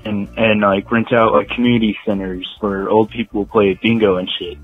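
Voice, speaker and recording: Rambling husky man on a phone line. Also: on the low side, little pitch movement, normal speed, faint music behind. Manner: rambling, filler-heavy, says "like" a lot. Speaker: caller pitching an idea. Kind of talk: rambling voicemail.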